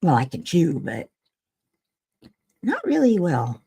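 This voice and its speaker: A woman's voice: deep voice, huge pitch swings, slow, creaky, pauses often, dark tone, husky. An older woman, tired and yawning, rambling wryly to herself while she crafts at home on a livestream. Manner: rambling, self-talking, wry and chatty. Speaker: livestream host. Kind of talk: casual chat while crafting.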